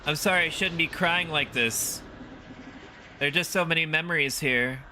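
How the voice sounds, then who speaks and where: A man voicing a frail elderly woman in a high, quavering old-lady voice, sweet and pleading. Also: moderate pace, bright, forceful tone, a little hiss or hum.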